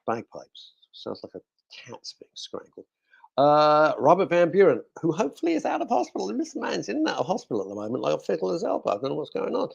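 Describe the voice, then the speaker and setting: A man's voice: fairly high pitch, huge pitch swings, a little fast, creaky, husky, muffled recording. A male radio host chatting casually in a studio, cracking jokes and reading out listener messages. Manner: jokey, rambling, talks to himself.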